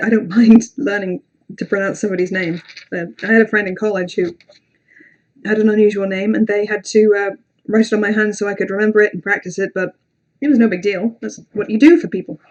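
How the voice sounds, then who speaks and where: A woman hosts a relaxed livestream and talks straight to her viewers. Her speech rambles, full of fillers and restarts, with casual swearing and self-mocking asides. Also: medium pitch, a little fast, lo-fi sound. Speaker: livestream host.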